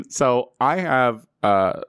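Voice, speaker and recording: A man's voice: medium pitch, drawn-out words, clean tone, dry recording. Podcast co-host, man, gossipy banter, bouncy intonation, dry sound. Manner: animated, gossipy, laughs easily. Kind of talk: crude comedic podcast banter.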